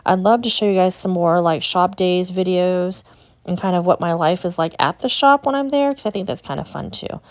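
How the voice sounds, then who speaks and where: A woman's voice: fairly low pitch, moderate pace. A young adult woman from the United States chatting and gushing to her viewers as she walks through an antique shop in a casual vlog. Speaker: vlogger and resale booth owner. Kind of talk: casual vlog chat while walking a shop.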